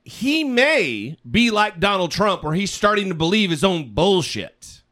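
A man's voice: sits high, very animated, unhurried, fairly bright tone. A man co-hosting a political podcast, ranting sarcastically and swearing freely. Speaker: podcast co-host. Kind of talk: casual political chat.

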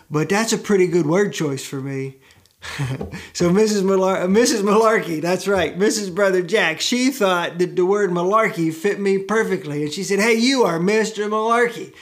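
A middle-aged man from the United States talks straight to the camera in a loose, wandering way, full of fillers and side stories. His voice sits slightly higher than most men's, and he pokes fun at himself as he goes. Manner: chatty, self-deprecating, digressive with many fillers. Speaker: show host and musician. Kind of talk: rambling casual storytelling to camera.

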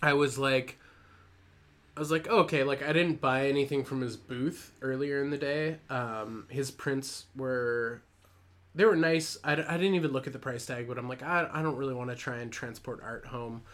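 A young man in casual conversation, rambling through an awkward story and laughing at himself. His voice sits at an ordinary middle pitch, loose and self-deprecating. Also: normal speed, fairly bright tone. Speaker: podcast co-host.

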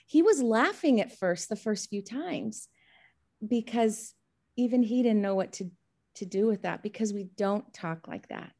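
A woman in a church study group telling a personal story on a video call, acting out the dialogue as she goes. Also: mid-range voice. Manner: animated, acts out quoted dialogue.

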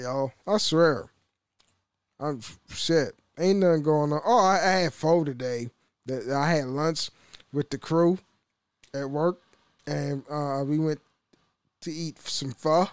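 A man's voice: on the high side, measured pace, pauses often, no echo, clean studio sound. A young man hosting a solo podcast, rambling and swearing casually, with frequent laughs and restarts. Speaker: podcast host.

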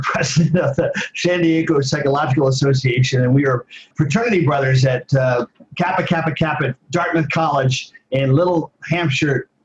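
An older man in his sixties talks as an interview guest, rambling through personal stories. His speech is full of pauses and restarts. The sound is slightly dull and muffled. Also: mid-range voice, a little hiss or hum. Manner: rambling, with many fillers and restarts. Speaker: guest, former athlete and advocate. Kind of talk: casual storytelling interview.

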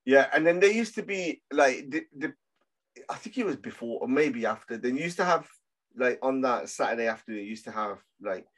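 A man chats casually on a podcast, rambling from one thought to the next and trailing off. His pitch sits right in the middle. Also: lively intonation, moderate pace, a bit bright. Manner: rambling, trails off, laughs along. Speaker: podcast host. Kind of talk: casual chat.

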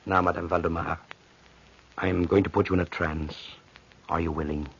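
An actor playing a commanding physician and mesmerist who speaks with calm authority and a husky voice in a 1940s radio play, on a dull old broadcast recording. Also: male voice, sits low, exaggerated voice. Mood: firm. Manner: authoritative, slow and hypnotic when inducing trance.

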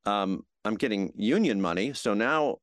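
A middle-aged man telling showbiz stories in an interview, acting out quotes with lively energy. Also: on the low side, normal speed, dry recording, clean studio sound. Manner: animated anecdotes with acted-out quotes. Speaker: guest, TV host. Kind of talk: storytelling interview.

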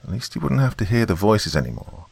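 Man, deep voice, lively pitch, scripted storybook narration, expressive. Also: fast talker, vocal fry, breathy edge, dry recording.

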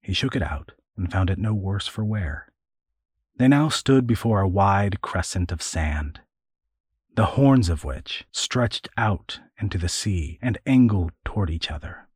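A man narrating a storybook adventure in a measured, storytelling voice. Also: deep voice, lively intonation, a little mellow, slightly rough, no room sound, studio quality. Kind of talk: audiobook narration.

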